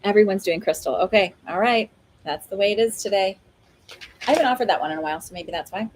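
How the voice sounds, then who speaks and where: A woman's voice: mid-range voice, fast talker, a little hiss or hum, poor audio. A woman hosting a live stream of oracle card readings, talking in a chatty, rambling way with lots of fillers and laughs. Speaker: psychic medium host.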